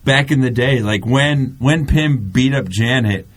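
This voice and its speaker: A man's voice: mid-range voice, measured pace. A young man hosting a podcast, chatting and joking, laughing often and trailing off mid-sentence. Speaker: podcast host. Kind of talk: casual comedic chat.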